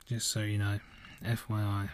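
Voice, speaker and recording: Laid-back sweary man, low voice. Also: monotone, normal speed. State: yawning, tired. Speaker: podcast host. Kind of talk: casual solo podcast chat.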